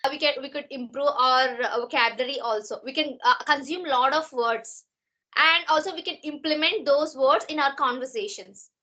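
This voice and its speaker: A woman's voice: high-pitched, moderate pace, sharp tone. A woman, hosting a podcast interview, polite and respectful, with hesitant restarts. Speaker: podcast host.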